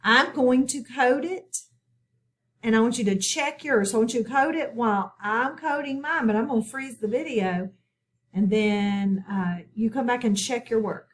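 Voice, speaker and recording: A woman teaching a phonics lesson in a recorded video, slow and patient, often checking in with her students. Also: on the high side. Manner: slow, patient, instructive with repeated prompts. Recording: distant mic with background noise.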